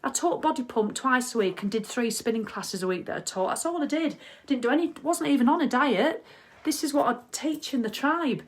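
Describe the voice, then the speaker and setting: A woman's voice: high-pitched, fairly quick, husky. A middle-aged woman chatting casually on a live video as a wellness coach, reading out viewer comments. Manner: chatty, animated, reads viewer comments aloud. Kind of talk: casual live-stream chat.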